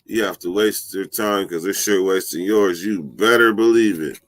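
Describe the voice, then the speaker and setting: A man hosting a casual live stream, telling stories in a loose, profane, animated way and laughing often. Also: low-pitched, moderate pace.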